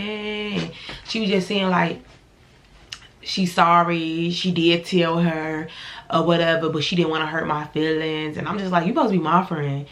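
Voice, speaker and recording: Woman, casual storytime vlog, blunt, profane, animated, slightly low voice. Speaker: storyteller vlogger.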